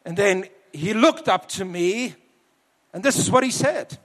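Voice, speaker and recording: A man preaching a sermon to a church, telling a personal story and slowing down for emphasis. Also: sits high, lively intonation, a bit bright, in a large hall. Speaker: preacher, university leader.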